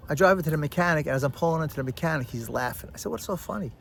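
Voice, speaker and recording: A man with a somewhat high voice hosts a podcast in a casual self-help monologue. He tells stories in an animated way, repeats phrases for emphasis and talks straight to the listener. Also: very fast, creaky, slight background noise. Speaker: podcast host.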